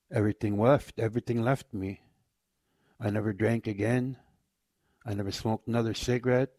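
A man telling his personal faith testimony in a halting, repetitive way, often trailing off quietly. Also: on the low side, dry recording. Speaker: former inmate sharing his faith testimony.

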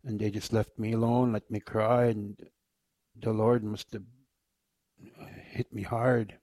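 A man telling his personal faith testimony in a halting, repetitive way, often trailing off quietly. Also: fairly low pitch, flat delivery, no echo. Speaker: former inmate sharing his faith testimony.

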